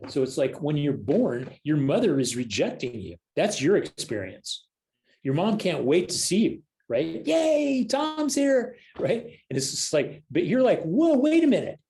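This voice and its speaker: A rough recording captures an older counselor and spiritual leader from the United States speaking in a mid-range voice. As a podcast guest in a casual storytelling chat, he animatedly acts out the voices of those he quotes.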